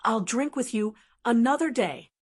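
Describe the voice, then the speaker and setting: A woman's voice: fairly high pitch, animated, normal speed, slightly rough. A woman voicing a composed young noblewoman who speaks lightly and coolly. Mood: musing. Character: young noblewoman, calm, sharp-tongued clan leader.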